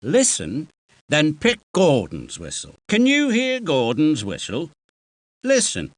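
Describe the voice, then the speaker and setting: A man's voice: on the high side, wildly swooping pitch, takes it slowly, dry recording. A man from the UK giving patient, encouraging instructions as narrator of a children's game, recorded in a studio. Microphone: close studio mic.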